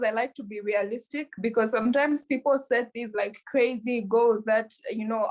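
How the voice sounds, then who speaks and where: A woman being interviewed about running her businesses, answering in an earnest, measured way with frequent fillers. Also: a little high. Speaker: interview guest, entrepreneur.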